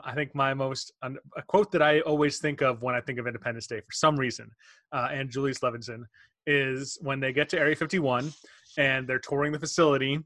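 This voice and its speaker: A man with a bright, forceful voice chats casually, easing into his points with fillers and pauses. The sound is dry and close. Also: mid-range voice, dry recording. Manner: relaxed, hesitant with fillers. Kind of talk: casual chat.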